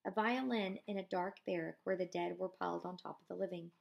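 A woman teacher reading a novel aloud in a measured voice, pausing for casual comments to her class. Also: on the low side, steady tone, gravelly, muffled recording.

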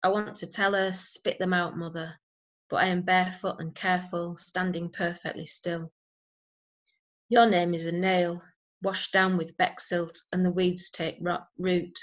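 A woman giving a measured, even poetry reading over a video call, with hesitant fillers between poems. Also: on the low side. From Yorkshire, England. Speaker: poet.

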